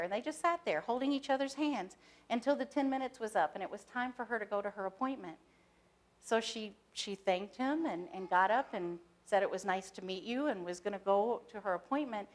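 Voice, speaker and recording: A woman minister giving a sermon, starting with gentle, soft-spoken guided stillness and moving into storytelling. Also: fairly high pitch. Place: church sanctuary, stage lights.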